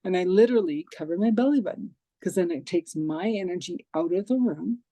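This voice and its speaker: Mellow-voiced woman host telling stories. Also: lowish voice, brisk, no echo. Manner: lively storyteller acting out quoted dialogue. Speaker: podcast host. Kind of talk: casual interview chat.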